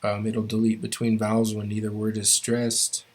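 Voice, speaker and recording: A man's voice: on the low side, completely flat delivery, normal speed, darkish tone. A man teaching a language class, explaining grammar rules step by step and often stopping to restart his phrases.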